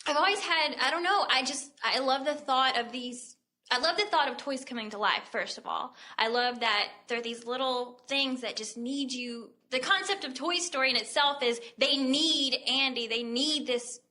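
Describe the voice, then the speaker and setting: A woman's voice: high-pitched, normal speed, bright, forceful tone. A woman who is a guest on a podcast, chatting in a giggly, earnest way. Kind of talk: casual podcast chat.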